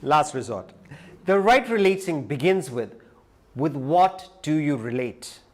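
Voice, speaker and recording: A man giving a live lecture who tells a story with animated delivery. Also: fairly high pitch, measured pace. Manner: animated storyteller, acts out quoted voices. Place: lecture hall.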